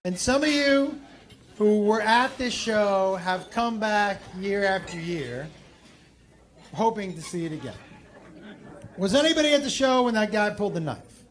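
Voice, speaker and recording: A male stand-up comedian telling a story to a live audience on a club stage, animated, dropping to quiet asides and rising to loud punchlines. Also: high voice, measured pace, long pauses.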